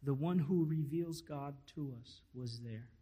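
Slow, emphatic male preacher. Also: on the high side, breathy edge. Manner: emphatic, swelling to loud stresses then dropping to near-whispers. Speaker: pastor. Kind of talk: sermon.

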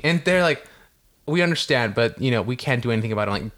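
A young man casually telling a story on a podcast, animated and swearing a lot, acting out what people said. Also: medium pitch, quick pace. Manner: animated, heavy swearing, acts out quotes. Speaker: podcast co-host.

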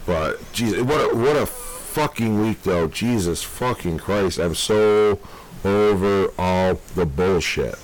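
A man's voice: low-pitched, slow pace, a little hiss or hum, rough recording. A man with a New York accent co-hosting a podcast, ranting in casual talk, swearing a lot and often breaking into laughter. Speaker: podcast co-host.

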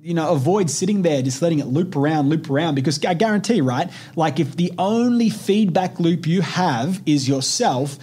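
A young man in his twenties hosts a motivational podcast in a loose, animated way. His voice sits fairly high and has a husky, slightly rough grain. He swears freely and keeps checking in with "right?" as he talks. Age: 20s. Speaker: podcast host. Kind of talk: casual motivational podcast talk.

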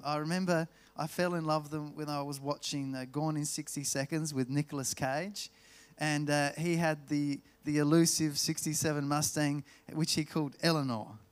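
A man with an Australian accent preaching a sermon, telling stories and slowing down to stress key words. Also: on the high side, steady tone. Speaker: pastor.

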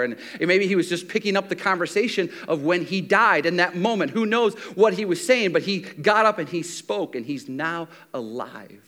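A man with a high voice preaches a sermon as lively storytelling. He acts out what the characters say. His delivery jumps between loud shouting and soft, hushed near-whispers. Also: normal speed, hardly any pauses. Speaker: pastor.

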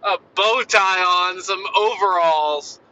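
A man in his thirties chatting casually, telling animated stories about his kids and acting out their voices. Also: high voice, takes it slowly, muffled recording, a little hiss or hum. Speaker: father. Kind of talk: casual chat.

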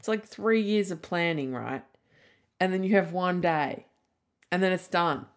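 Chatty woman, lowish voice. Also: measured pace. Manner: rambling and candid, lots of "like", casual swearing. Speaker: podcast host. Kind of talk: casual solo podcast chat.

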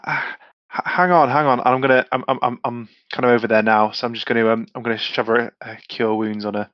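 A man playing a tabletop game, excited and tripping over his words. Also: mid-range voice, quick pace, no room sound. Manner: excited, stumbling. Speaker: player. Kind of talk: casual chat. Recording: dull, dry sound.

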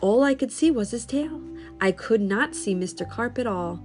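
A woman reading a children's story aloud in a slow, expressive, sing-song way. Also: a little high, faint music behind.

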